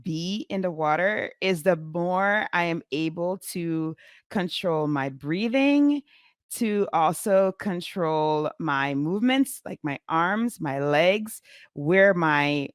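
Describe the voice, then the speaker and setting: A woman in her forties, a physician hosting her own show, telling a story in a chatty, animated way with many fillers. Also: on the low side, no room sound, studio quality. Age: 40s. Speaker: physician podcast host. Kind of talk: casual storytelling to camera.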